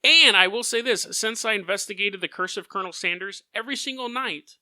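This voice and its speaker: A man hosting a casual storytelling podcast in an animated way, often laughing mid-sentence. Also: high-pitched, fairly quick, dry recording. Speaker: podcast host.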